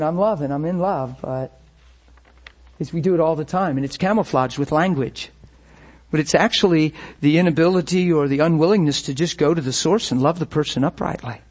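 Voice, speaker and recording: A male pastor preaching a sermon in a conversational, storytelling way, acting out his own thoughts with passion and easy laughs. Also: on the high side. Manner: impassioned, storytelling, acts out inner thoughts.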